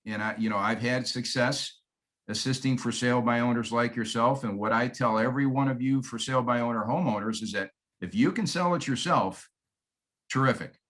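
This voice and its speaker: A man coaching fellow realtors in an easygoing, chatty way, with a voice of middling pitch. He slips into role-play, voicing himself and the homeowner on the phone. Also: a little fast, fairly bright tone. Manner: conversational, acts out both sides of calls. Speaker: real estate agent. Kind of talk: sales training talk with role-play.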